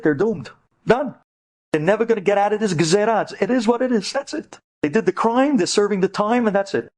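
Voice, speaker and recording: A man, a rabbi, giving an inspirational storytelling lecture to women, dramatic and prone to loud, emphatic bursts. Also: high-pitched.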